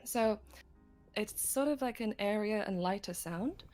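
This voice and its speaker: A woman's voice: mid-range voice, expressive, unhurried, a little mellow, faint music behind. A woman teaching singing technique on a livestream, explaining step by step with frequent light laughs. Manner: patient, giggly, explains step by step.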